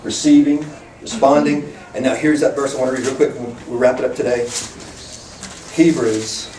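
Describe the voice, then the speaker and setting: A male preacher giving an emphatic, animated sermon, sometimes rising to a shout, recorded from far off in a room. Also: mid-range voice, normal speed. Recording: echoey room from far off with faint noise.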